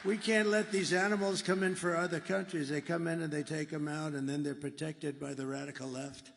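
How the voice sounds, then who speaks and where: A man's voice: fairly high pitch, steady tone, fairly quick, vocal fry, a bit bright. A man giving a rambling, emphatic political rally speech, repeating himself for effect. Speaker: political candidate. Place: large rally hall. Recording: echoey hall with faint ambience.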